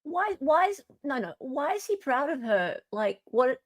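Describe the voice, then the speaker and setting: A woman's voice: sits high, very animated, measured pace, no room sound, clean studio sound. A woman hosting a podcast, chatting bluntly and mockingly about the news. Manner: blunt, mocking, laughs often. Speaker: podcast host. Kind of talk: casual commentary chat.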